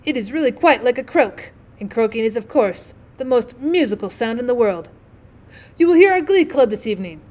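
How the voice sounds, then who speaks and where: A woman's voice: on the high side, expressive, fairly quick, darkish tone, natural voice. Woman playing a gushing chatty frog. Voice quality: gushing, talkative. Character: chatty self-satisfied frog.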